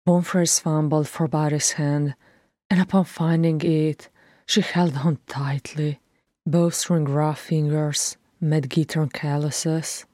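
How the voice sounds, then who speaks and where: A woman reading a fantasy novel aloud as a fan audiobook, in a measured storytelling manner. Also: low-pitched, level tone, darkish tone, no echo, clean studio sound. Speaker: audiobook reader.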